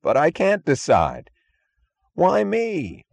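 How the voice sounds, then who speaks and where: A man's voice: on the high side, wildly swooping pitch, takes it slowly, creaky, a little mellow, no room sound, voice pushed up, heavily acted. A man reading an audiobook, voicing a frightened male guard who stammers and pleads in a whine. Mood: pleading, panicky.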